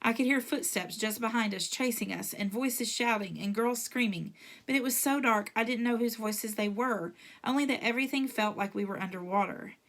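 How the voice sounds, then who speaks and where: A woman reading a novel aloud in a steady storytelling way. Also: fairly high pitch, moderate pace. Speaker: reader.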